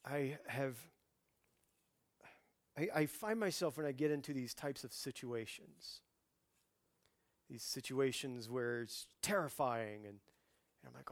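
A man in his forties preaching a sermon in a conversational way, dropping to a hush and then rising into loud, lively outbursts. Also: mid-range voice, unhurried, long pauses, dry recording. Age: 40s. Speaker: pastor.

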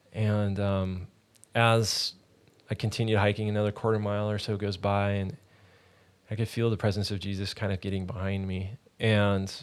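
A man hosting a ministry podcast, telling a personal faith testimony in an earnest, halting, conversational way. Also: on the low side.

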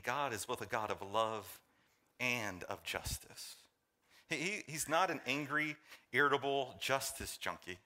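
Joking with his congregation, a medium-pitched male pastor delivers a sermon that shifts from forceful loudness to hushed intensity.

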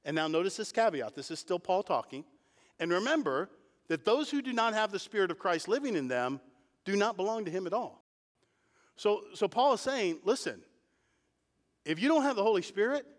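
A man pastor preaching a sermon, explaining verses and building to emphatic points. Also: big-room sound. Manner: emphatic preaching, rising in pitch and volume at key points.

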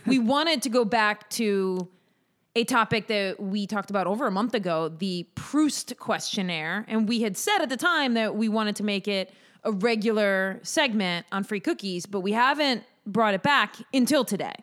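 A woman's voice: mid-range voice, animated, moderate pace, a bit bright. A woman hosting a podcast in casual chat, teasing her co-host and laughing often as she leads the segments.

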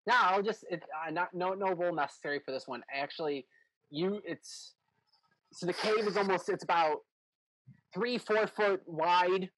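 A man's voice: high-pitched, moderate pace, background noise. A man running a tabletop game as game master, describing scenes in a rambling, self-correcting way.

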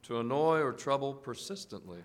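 A man's voice: mid-range voice, fairly quick. A man reading scripture passages aloud in a church service. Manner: steady reading, with affirming interjections. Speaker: scripture reader.

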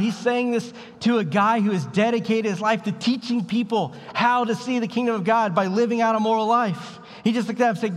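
A man's voice: high-pitched, fairly quick, few pauses, in a large hall. A man preaching a sermon as a pastor, in a casual, conversational way with bits of slang. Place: church sanctuary.

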